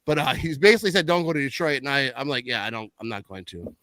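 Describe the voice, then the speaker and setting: A man talking casually about football, rambling with lots of fillers and animated swings in his voice. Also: medium pitch, fast talker, no echo. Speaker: podcast guest. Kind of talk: casual sports chat.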